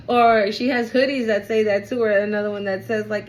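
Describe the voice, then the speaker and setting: Very animated and medium-pitched, speaking at a measured pace, a young tarot reader does a casual reading for her viewers. She's slangy, emotional and full of exclamations, often near tears. A little hiss or hum is audible.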